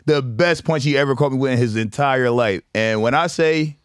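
A man's voice: medium pitch, moderate pace, no room sound, clean studio sound. A middle-aged man hosting a casual comedy chat, telling stories with lots of laughter and acted-out quotes. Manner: animated storyteller, laughs often, acts out quotes. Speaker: podcast host.

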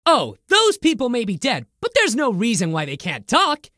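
A boastful, theatrical airship owner. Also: female voice, a little high, wildly swooping pitch, normal speed, fairly bright tone, no room sound, clean studio sound, heavily acted. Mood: helpful. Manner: theatrical, self-promoting, grand. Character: boastful, showy airship owner and library keeper. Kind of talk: video game voice acting.

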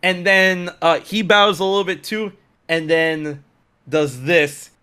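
A young man telling a story in a casual chat, excitable and slangy, with many restarts. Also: high-pitched, slow, smooth.

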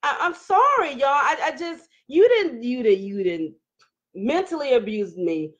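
Animated woman live-streaming. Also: sits high, unhurried, highs cut off. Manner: animated, laughing, emotional outbursts, Southern Black vernacular phrasing. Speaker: live-stream host reading viewer comments. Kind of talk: casual live-stream chat.

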